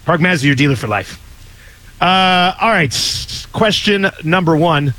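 A man's voice: a little high, animated, a little slow, sharp tone, rough recording. A man hosting a casual sports radio show, joking, laughing often and reading out ads and listener texts.

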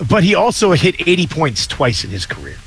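A man's voice: a little high, big pitch swings, brisk, fairly bright tone, breathy edge, rough recording. A man hosting a casual sports radio show, joking, laughing often and reading out ads and listener texts.

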